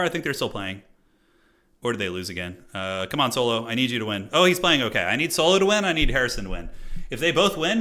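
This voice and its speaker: A man's voice: mid-range voice, pushed and bright. A man streaming a tournament game, talking viewers through his moves in a casual, self-critical way, thinking aloud with lots of fillers. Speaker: streamer playing a competitive strategy tournament. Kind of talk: live game commentary to viewers.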